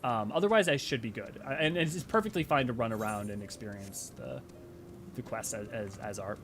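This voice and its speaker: A man's voice: lowish voice, a little fast, soft background music. A man streaming a game, rambling and joking casually while he plays and chats. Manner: animated, rambling, jokey. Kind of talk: casual let's-play commentary.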